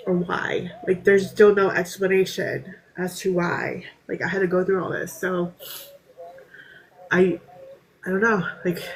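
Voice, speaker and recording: A woman guest on a podcast panel, recounting her own story in a low-key, level voice that barely rises or falls. She hesitates often and circles back with fillers and restarts. Her voice drops softly at times as she gathers her thoughts. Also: little pitch movement, a little hiss or hum, low-quality recording. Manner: halting, frequent fillers and restarts. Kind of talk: candid personal storytelling.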